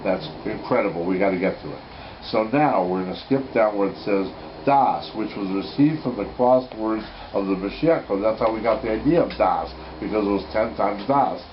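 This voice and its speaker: A man's voice: lowish voice, normal speed, noisy background. A man teaching an informal lesson on Torah codes at home. He is enthusiastic, thinks aloud and corrects himself as he goes. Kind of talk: informal Bible code lesson. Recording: slightly muffled home recording.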